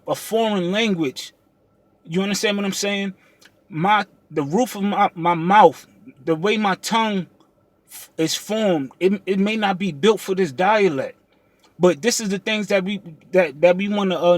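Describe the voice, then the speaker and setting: A young man with a high-pitched voice vents in a heated, confrontational rant to his camera. He stumbles and restarts often and keeps checking that the listener follows him. The sound is close and dry, with no room echo. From United States. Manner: heated and confrontational, many restarts and repeated "you understand what I'm saying". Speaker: trucking vlogger. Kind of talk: unscripted vlog rant.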